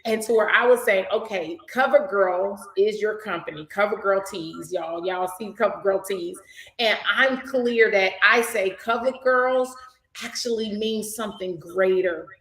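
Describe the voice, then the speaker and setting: A woman hosting a casual talk for a nonprofit program, animated and effusive, praising and preaching with a lilt. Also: mid-range voice, measured pace, roomy sound, poor audio. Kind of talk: casual chat.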